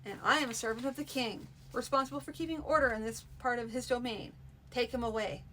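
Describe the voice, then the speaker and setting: A woman's voice: on the high side, fairly even intonation, a little fast, sharp tone, a little hiss or hum, low-quality recording. Woman reading as a stern male baron.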